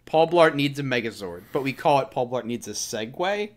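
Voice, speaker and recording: A man co-hosting a comedy film podcast, excitable and pitching silly ideas in casual chat. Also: normal speed. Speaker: podcast co-host.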